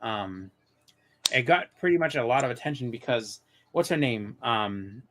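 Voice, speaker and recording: A man in his thirties at mid pitch, hosting a live stream in loose casual chat. He rambles, stumbles over his words and restarts often while telling stories. His pitch sits right in the middle for a man. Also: lively intonation, unhurried, fairly bright tone. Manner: rambling, many restarts and fillers. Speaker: host of a live comics show.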